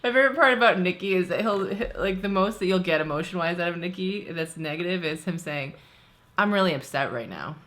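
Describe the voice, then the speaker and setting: A woman's voice: fairly low pitch, fast, few pauses, fairly bright tone. A woman hosting a casual chat, joking, swearing and laughing often. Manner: laughs often, jokey and profane. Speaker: host.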